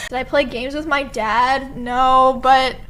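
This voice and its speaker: High-voiced young woman, laughing storyteller. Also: takes it slowly. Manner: animated, laughs often while telling stories. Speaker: streamer. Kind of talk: casual storytelling chat.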